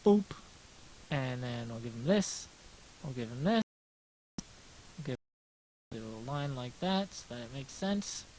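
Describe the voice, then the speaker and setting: An American man with a soft, smooth voice chats loosely with his livestream viewers while drawing. He rambles, repeats himself and pokes fun at himself as he answers their questions one after another. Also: medium pitch, lively intonation, measured pace, long pauses, slight background noise, poor audio. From United States. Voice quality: gentle smooth voice. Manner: rambling, self-deprecating, answers chat aloud. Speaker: livestreaming artist.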